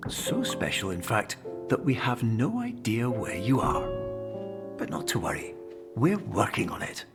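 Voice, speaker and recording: A man's voice: on the low side, wildly swooping pitch, a little slow, over music, heavily acted. An actor playing a chipper male doctor in a game, giving breezy, lightly sardonic updates. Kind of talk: scripted game voice-over.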